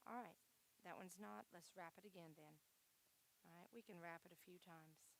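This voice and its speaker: A woman's voice: lowish voice, normal speed, vocal fry, slight background noise. A woman leading a children's church lesson, upbeat and coaxing, often saying "all right". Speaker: Vacation Bible School leader.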